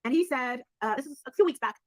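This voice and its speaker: A woman in a casual gossip chat, talking bluntly and fast and swearing. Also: high-pitched, animated, darkish tone, no echo.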